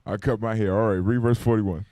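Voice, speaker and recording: Fast-talking man leading a Bible class. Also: fairly low pitch, fairly even intonation, dark tone, no room sound, clean studio sound. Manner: conversational and urgent, calling for responses. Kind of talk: informal Bible class teaching. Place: classroom gathering. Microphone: microphone.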